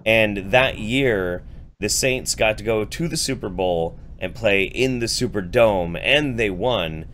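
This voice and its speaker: A man's voice: on the low side, slow pace, a little hiss or hum. A man co-hosting a podcast, telling stories casually with some swearing. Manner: relaxed, swearing, storytelling. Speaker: podcast co-host. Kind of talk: casual chat.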